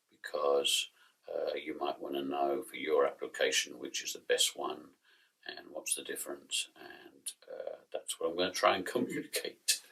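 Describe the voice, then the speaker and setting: A man with a very low, husky voice walks through a product demonstration in a relaxed, joking way. His voice is rough and gravelly, and it is picked up by a camera mic a little way off as he moves around. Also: poor audio. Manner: chatty and self-deprecating, with small jokes. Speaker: product distributor presenting equipment.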